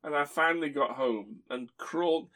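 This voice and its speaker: A man's voice: on the high side, moderate pace, pushed and bright. A man hosting a podcast, telling stories in a rambling way and chuckling as he talks. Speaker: podcast host. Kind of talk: casual chat.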